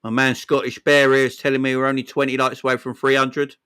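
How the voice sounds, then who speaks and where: A man hosting a casual football fan livestream, excitedly shouting out viewers by name. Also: medium pitch, quick pace, smooth. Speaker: livestream host.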